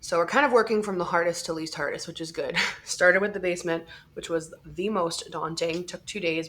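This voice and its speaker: A woman's voice: on the low side, fairly bright tone. A woman vlogger chatting casually and rambling to her viewers. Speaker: lifestyle vlogger. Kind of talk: casual vlog chat.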